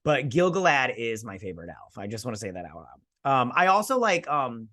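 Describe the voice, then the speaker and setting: A man's voice: medium pitch, very animated, a little fast, sharp tone, no room sound. Male host, casual rambling review, sarcastic asides, dry close sound, mid-range voice. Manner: rambling, sarcastic, acts out characters. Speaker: show host reviewing a TV episode.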